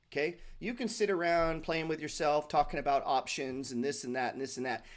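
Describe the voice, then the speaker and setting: Middle-aged male host, slightly higher voice, blunt, profane, sarcastic, unscripted market chat. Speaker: stock market show host. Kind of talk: casual livestream talk.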